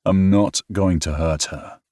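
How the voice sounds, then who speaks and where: A man's voice: low voice, fairly even intonation, a little slow, warm tone, no room sound, pitched above the performer's own voice. A man voicing a wry British single dad with a guarded, dry manner.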